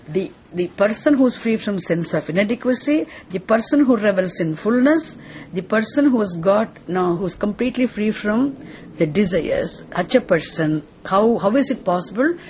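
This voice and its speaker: A woman, teaching a scripture lesson slowly and deliberately, repeating phrases and asking rhetorical questions. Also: medium pitch, a little mellow, slight background noise.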